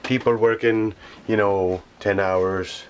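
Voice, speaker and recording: A garbage collector delivering an indignant, rambling monologue, repeating himself and often pausing with filler phrases as he searches for words. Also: fairly low pitch, steady tone, a little hiss or hum. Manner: indignant, repetitive, often pauses with "how you say".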